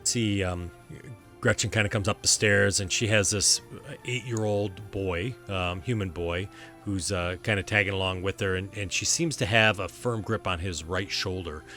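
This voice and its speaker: Low-voiced game master, halting. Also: male voice, steady tone, bright, forceful tone, soft background music. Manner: halting, full of fillers and restarts. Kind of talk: narrating a tabletop game.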